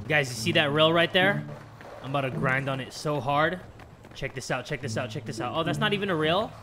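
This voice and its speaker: A young man with a high, lively voice plays a skateboarding game and reacts loudly, swearing, laughing and shouting at every trick. His voice jumps sharply up and down from one moment to the next. Game music plays clearly behind him. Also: moderate pace. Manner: excitable, swearing, yelling and laughing. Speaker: gaming YouTuber. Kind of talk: let's play commentary.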